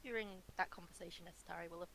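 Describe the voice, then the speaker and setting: A woman playing a tabletop game, speaking softly and teasingly and giggling often. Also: on the low side, steady tone, quick pace, slight background noise, rough recording. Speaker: player.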